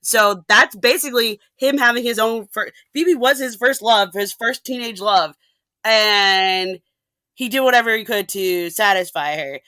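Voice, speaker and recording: A woman ranting animatedly in a casual podcast chat, with quick asides and restarts. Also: on the high side, bright, forceful tone, dry recording. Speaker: podcast guest.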